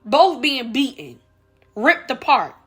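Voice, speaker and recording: High, bright-voiced woman ranting. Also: sing-song, takes it slowly, slightly rough, soft background music. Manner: emphatic, repeats rhetorical questions, addresses viewers as y'all. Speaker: vlogger. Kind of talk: opinion rant to camera.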